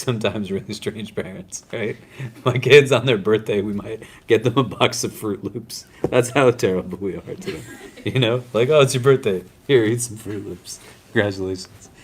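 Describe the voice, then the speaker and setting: A man teaching a class on prayer in a casual, conversational way, often checking in with his students. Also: fairly low pitch.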